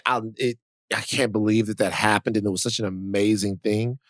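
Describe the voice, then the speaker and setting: A man's voice: fairly low pitch, fairly even intonation, a little fast, a bit bright, no room sound, studio quality. A middle-aged man co-hosting a podcast, talking in casual chat that rambles, full of restarts and "you know"s. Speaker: podcast co-host.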